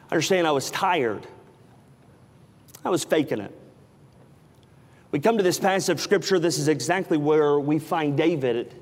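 A man's voice: fairly high pitch, moderate pace, a little hiss or hum. A middle-aged man preaching a sermon, telling a self-mocking family story with acted-out dialogue before turning to scripture. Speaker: pastor. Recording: reverberant hall.

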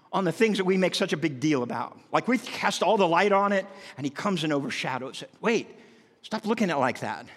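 A man preaching a sermon, his voice sitting a little high as he acts out scripture with animated, emphatic lifts. His words ring out through a long reverberant hall, like a church sanctuary. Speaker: pastor.

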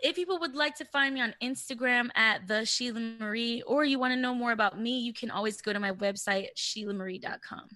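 A woman chatting as a podcast guest, expressive and playful, with warm, heartfelt asides. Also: fairly high pitch, brisk, hardly any pauses, no room sound. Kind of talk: casual chat.

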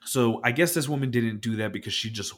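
Animated man telling a story. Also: mid-range voice, brisk. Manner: animated storyteller, acts out quotes, swears when worked up. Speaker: podcast co-host. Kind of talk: casual chat.

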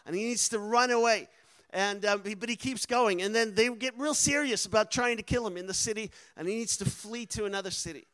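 A man telling a story from the mission field with animated energy, building to loud, emphatic peaks. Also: high voice, fairly quick. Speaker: missionary speaker. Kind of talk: storytelling sermon.

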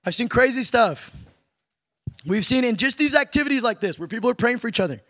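High-voiced, animated preacher man. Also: no echo. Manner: animated and playful, with quick asides to the audience. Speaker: preacher teaching a class on prayer. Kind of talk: conversational sermon teaching.

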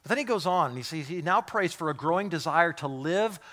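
A man preaching a sermon, telling stories in a hushed voice and then building to loud, emphatic exhortation with repeated words. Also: fairly high pitch, expressive, fairly quick. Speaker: pastor.

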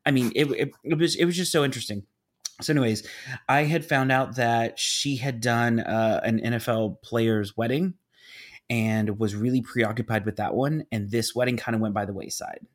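A man in his thirties, animated and emphatic, casually telling a story on a podcast. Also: medium pitch, normal speed.

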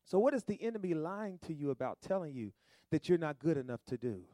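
A man delivers a sermon, his pitch sitting a little high. He calls on the congregation and stretches key words out loud before dropping to quiet asides. The sound is dry and close, with no room echo. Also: sing-song, quick pace. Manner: call-and-response preaching, swings from soft to shouted. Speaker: preacher.

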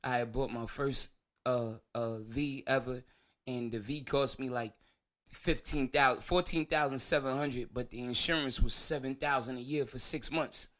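Male host, mid-pitched, loose rambling storyteller who laughs and swears freely. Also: steady tone, moderate pace, a bit bright. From New York. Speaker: show host. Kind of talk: casual storytelling monologue.

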